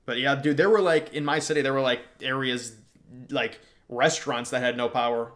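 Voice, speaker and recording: A young man talks casually at a mid pitch, reacting to comments as they come in. He uses slang and often trails off mid-thought, like a streamer chatting on his own. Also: steady tone, normal speed, a bit bright. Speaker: livestream host. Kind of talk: casual political livestream chat.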